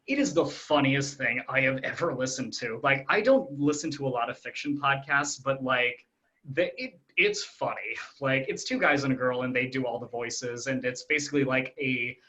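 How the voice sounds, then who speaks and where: A man's voice: medium pitch, moderate pace, sharp tone, low-quality recording. A man in a casual interview, rambling through his answers with many fillers and restarts. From Ireland. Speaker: guest.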